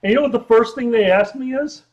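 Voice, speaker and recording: A tipsy man co-hosting a drinking livestream, loud and excitable and swearing freely. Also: extremely high pitch, quick pace, highs cut off, slight background noise. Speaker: livestream co-host. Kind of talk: casual drinking livestream chat.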